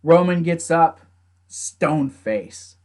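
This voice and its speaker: A young man casually recapping a wrestling event, animated, laughing often and acting out the wrestlers' lines. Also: on the high side, very slow. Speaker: wrestling show reviewer. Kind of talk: casual recap with acted quotes.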